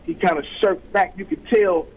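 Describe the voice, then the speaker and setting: A man's voice: high-pitched, normal speed, slightly rough, muffled recording. A middle-aged man, a guest author, telling his story in an interview with streetwise slang, acting out quoted voices.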